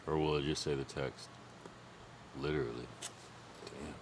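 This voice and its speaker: A young man on a livestream, chatting loosely and cursing freely as he rambles. His voice sits very low. A soft hum of room ambience runs underneath. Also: steady tone, a little slow, vocal fry. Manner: rambling, profane, thinks aloud about music. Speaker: streamer. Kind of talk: casual livestream chat.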